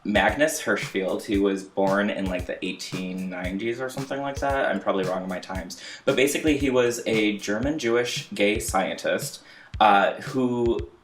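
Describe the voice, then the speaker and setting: A man co-hosting a podcast, talking in a loose, animated way and quick to laugh at his own jokes. His voice sits on the lower side. The room is echoey, with faint music underneath. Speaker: podcast co-host. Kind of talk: casual chat.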